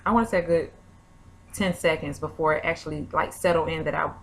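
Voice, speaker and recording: Chatty low-voiced young woman vlogger. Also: fast, fairly bright tone. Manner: chatty, rambling, many fillers. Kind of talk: casual chat.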